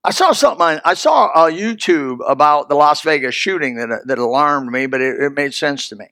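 An older man preaching a folksy sermon, swinging from loud, high exclamations to low, hushed lines. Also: expressive, a little fast. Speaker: pastor.

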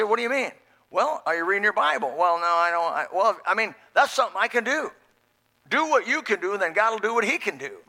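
A man's voice: high-pitched, gravelly, bright, forceful tone. A middle-aged man preaching a sermon in a folksy, emphatic way, repeating key phrases.

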